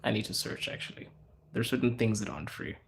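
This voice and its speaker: A man from Zimbabwe hosting a casual livestream, chatting loosely with viewers and answering their questions in a relaxed, slangy, rambling way. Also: on the low side, fast talker, gravelly, a little hiss or hum. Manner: relaxed, slangy, rambling with fillers and self-corrections. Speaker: livestream host.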